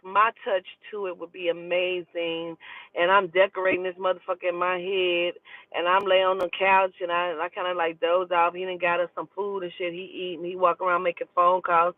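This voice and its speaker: A woman who works as a spiritual advisor, telling a personal story in a lively, profane, gossipy way and acting out the dialogue. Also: fairly low pitch, fairly quick, dry recording. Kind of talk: casual storytelling. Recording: tinny phone-like dry sound.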